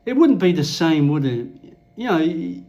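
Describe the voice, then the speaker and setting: A man with a high-pitched voice rants to the camera in a loose, rambling way. He is blunt and swears freely, talking like a casual vlogger in the Philippines. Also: big pitch swings, measured pace, dark tone.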